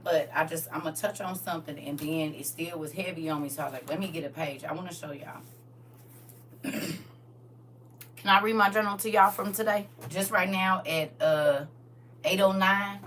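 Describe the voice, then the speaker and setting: A woman's voice: lowish voice, normal speed, a bit bright, distant mic, slight background noise. A woman talking casually and candidly to her audience on a live stream, addressing viewers directly.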